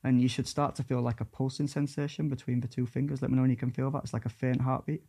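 A man, talking in a calm, coaxing way and guiding a mind-reading trick on a podcast. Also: fast talker, slightly rough. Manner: calm, coaxing, drops to a soft low voice while guiding the trick. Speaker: mentalist guest. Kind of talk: casual chat.

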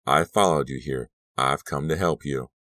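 A man voicing a calm, sinister teenage boy who speaks softly and slowly. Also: a bass voice, no room sound. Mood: soothing. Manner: soft, murmuring, slow.

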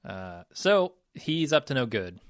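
A man co-hosting a podcast, chatting in a measured, analytical way. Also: mid-range voice, big pitch swings, no room sound, studio quality. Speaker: podcast co-host. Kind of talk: casual chat.

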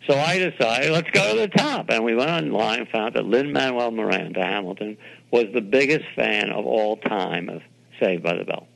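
An older man from New York City tells stories in an interview with a heavily gravelly voice. His pitch swoops all over as he acts out the voices of people he quotes, speaking with the enthusiasm of a veteran television producer. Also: normal speed, low-quality recording. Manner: animated anecdotes, acting out quoted voices. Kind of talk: interview storytelling.

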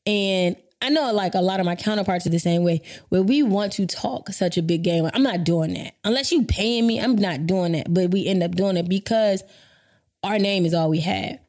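A woman in her thirties, a business owner hosting a podcast, telling a story in a casual, animated way, swearing freely and laughing often. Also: moderate pace. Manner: animated, profane, laughs often, jumps into high voices for quotes.

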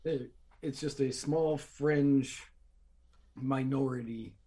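A man's voice: mid-range voice, steady tone, slow pace, dark tone, slightly rough. A man hosting a political commentary chat, sarcastic and emphatic, often repeating his phrases. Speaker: host.

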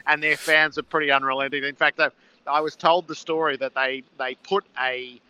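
A man's voice: fairly high pitch, steady tone, moderate pace, pushed and bright, clean tone, no room sound, rough recording. A man who calls football games, describing the build-up from his stadium broadcast position in vivid, storytelling detail. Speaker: NFL commentator calling the game. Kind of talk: on-location phone-in chat.

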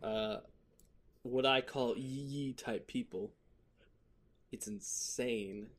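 A man of middle pitch co-hosting a podcast, chatting in a loose, rambling way. He laughs easily and curses freely, with plenty of fillers as he goes. His pitch sits right in the middle. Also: drawn-out words, slightly rough. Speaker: podcast co-host. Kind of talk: casual joking chat. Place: lives in Florida.

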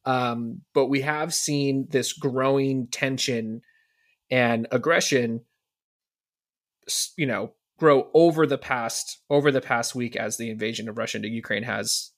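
Male podcast co-host, earnest and rambling, mid-range voice. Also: mid-range voice. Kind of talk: casual podcast chat.

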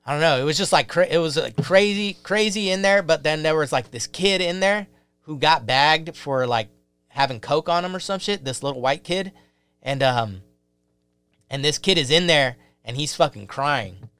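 Young male storyteller, bright, forceful delivery, lots of swearing, dry close mic. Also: on the high side, moderate pace, clear, resonant tone, no echo, faint music behind. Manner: profane, animated storytelling with acted quotes. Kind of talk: casual chat.

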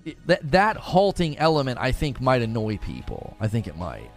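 A man streaming casually, reading his chat aloud and arguing his points, often repeating words as he rushes ahead. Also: medium pitch, faint music behind. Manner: animated, argumentative, repeats words while rushing ahead.

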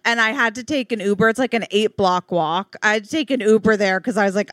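A woman co-hosting a chatty podcast, telling her stories with a lot of life and jumping into a high squeal when she quotes herself. Her voice sits in an ordinary middle pitch. The sound is dry and close, with no room around it. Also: fast, few pauses, no echo. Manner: animated storyteller, acts out quotes in a high squeal. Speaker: podcast co-host. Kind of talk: casual chat.

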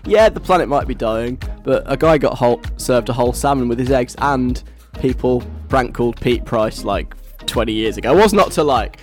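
A man's voice: mid-range voice, lively intonation, normal speed, a little mellow, soft background music. A young man DJing on the radio, chatting casually in a giggly, rambling way.

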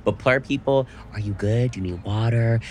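A young man co-hosting a podcast, telling an animated story in casual chat and swearing freely. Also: mid-range voice, moderate pace, slight background noise. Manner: animated storytelling, frequent cursing. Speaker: podcast co-host.

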